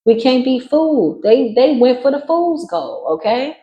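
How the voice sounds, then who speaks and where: A woman giving a spiritual reading in a casual monologue, brash and sassy, swearing freely and jumping into sudden high squeals. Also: moderate pace, warm tone, echoey room, lo-fi sound. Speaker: spiritual reader.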